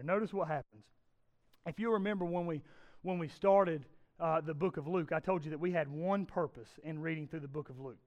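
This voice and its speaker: A man in his thirties preaching a sermon, swinging from hushed tones to loud emphasis and asking the congregation rhetorical questions. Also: high voice. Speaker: pastor.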